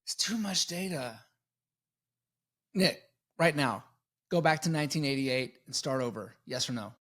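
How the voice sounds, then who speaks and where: A man co-hosting a podcast, chatting casually and jumping in with animated jokes and questions. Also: mid-range voice, moderate pace. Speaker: podcast co-host. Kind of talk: casual chat.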